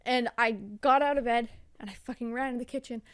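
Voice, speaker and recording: A woman's voice: a little high, steady tone, brisk, smooth, no echo, studio quality. A young adult woman, a podcast guest, telling a story in a rambling, profane way with lots of "like" fillers. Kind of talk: casual storytelling.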